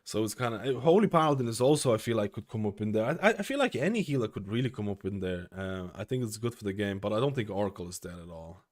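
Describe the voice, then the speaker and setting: A male streamer chats casually to his viewers on a live stream, rambling and leaning on fillers. He sounds a bit out of breath, and his voice sits low. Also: animated, fast, few pauses. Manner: rambling, uses lots of fillers like "like" and "you know".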